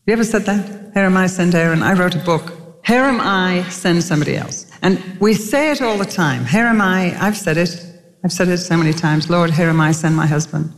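A woman's voice: a little fast, big-room sound, slight background noise. An older woman teaching from the Bible in a sermon, telling stories animatedly and acting out the quotes. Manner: animated storytelling, acting out quotes with lively pitch jumps.

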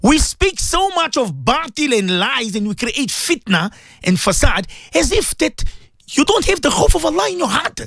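A man giving an impassioned radio sermon to his listeners, emphatic and repetitive, with sudden leaps in pitch. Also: very animated, normal speed, gravelly, a bit bright, no echo, clean studio sound. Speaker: radio presenter giving religious advice.

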